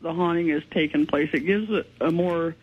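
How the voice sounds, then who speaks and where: A woman's voice: low-pitched, normal speed, narrow, tinny audio, a little hiss or hum. A woman, a ghost investigator, speaking earnestly and matter-of-factly as a radio guest. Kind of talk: radio interview.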